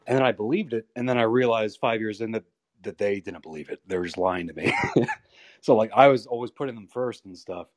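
A male pro wrestler in his thirties, a guest on a podcast, telling candid, profane stories in a rambling, animated way. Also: fairly low pitch, a little fast, dry recording. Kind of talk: candid storytelling interview.

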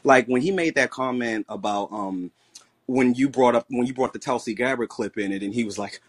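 A man calls in to a podcast and speaks his mind. He is animated and sarcastic and rambles as he talks. His voice sounds dry and close. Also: mid-range voice, a little fast, husky, no echo. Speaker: caller. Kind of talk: call-in discussion.

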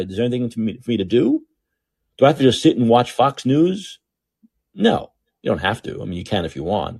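A man hosting his own podcast, talking alone in a sarcastic, animated monologue that swings from loud outbursts to muttered asides. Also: mid-range voice, gravelly, slightly rough. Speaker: podcast host. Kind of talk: opinionated monologue.

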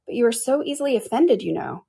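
A woman's voice: on the high side, animated, fast, gravelly, dark tone, breathy edge, no room sound, clean studio sound, pitched above the performer's own voice, full character voice. A woman voicing a polite, curious young girl who speaks earnestly. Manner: earnest, eager to please.

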